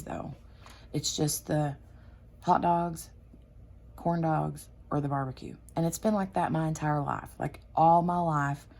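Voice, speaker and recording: A woman's voice: low-pitched, darkish tone. A woman hosting a craft channel, chatting casually and rambling with lots of fillers. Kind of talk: casual chat.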